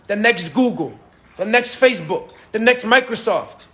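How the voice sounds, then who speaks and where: Emphatic young man coaching a sales pitch. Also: expressive, moderate pace, sharp tone, breathy edge. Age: 20s. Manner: emphatic, repetitive, peppered with "bro" and "right?"; acts out a breathless pitch to a friend. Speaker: sales trainer.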